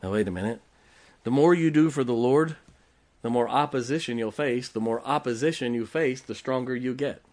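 A man's voice: mid-range voice, normal speed, a little mellow. A man preaching a sermon as pastor, emphatic, with rhetorical questions, joking asides and check-ins with the congregation.

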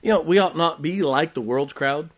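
A man's voice: a little high, normal speed. A man preaching a sermon as pastor, emphatic, with rhetorical questions, joking asides and check-ins with the congregation.

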